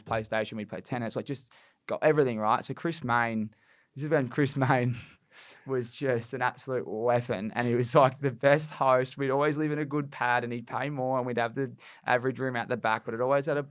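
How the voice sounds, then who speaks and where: Laid-back bloke telling stories. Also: male voice, mid-range voice, clean tone, no room sound, studio quality. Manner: laid-back storytelling, full of fillers. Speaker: podcast guest, former footballer. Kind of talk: casual chat.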